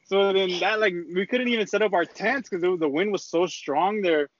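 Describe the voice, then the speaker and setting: A man's voice: high-pitched, brisk. A young man telling a rambling, slang-heavy story in casual chat, with lots of swearing. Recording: dull lo-fi dry recording.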